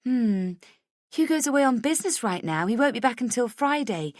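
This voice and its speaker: A woman voicing a confident, relaxed and friendly wife answering her home phone. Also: fairly high pitch, moderate pace, no room sound, studio quality, pitched above the performer's own voice.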